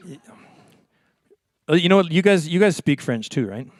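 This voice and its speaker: A man's voice: fairly high pitch, expressive, moderate pace. A man from Montreal, a folk singer chatting playfully between songs at a live concert, hesitant and full of fillers. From Montreal, Canada. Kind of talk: stage banter at a live concert.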